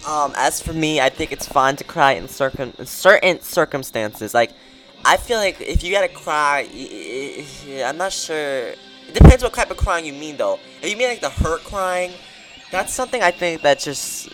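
Young podcast host ranting, pitch all over the place, casual chat, some faint music behind. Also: moderate pace. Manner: animated, ranting, swings pitch widely.

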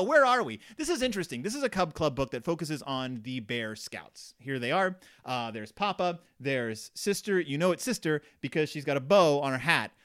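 Animated sardonic man reviewing a book. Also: on the high side. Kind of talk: casual comedic commentary.

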